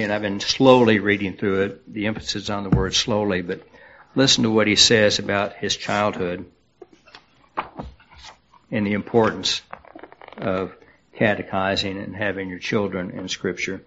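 A man preaching a sermon as pastor, unhurried and halting, with many fillers and restarts. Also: on the low side, fairly bright tone, lo-fi sound.

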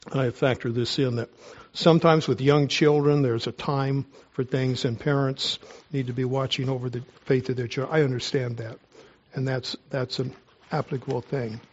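A man's voice: medium pitch, lo-fi sound. A man preaching a sermon, earnest and emphatic, his voice strained as if he is nursing a sore throat. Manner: earnest, emphatic, pauses to ask listeners directly. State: strained voice, taking cough drops. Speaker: pastor.

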